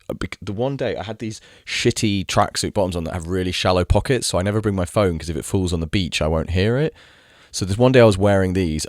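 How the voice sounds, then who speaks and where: Man, casual vlog rant, low voice, restless and profane, lots of fillers. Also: a little mellow, no room sound, clean studio sound. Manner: agitated, many fillers and restarts; swears freely. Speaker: vlogger.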